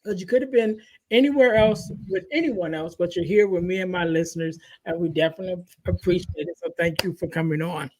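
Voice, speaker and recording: A man's voice: high voice, a little fast, a little mellow, rough recording. A man hosting a podcast, chatty and casual, addressing listeners as "you guys" while plugging products before interviewing his guest. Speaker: podcast host.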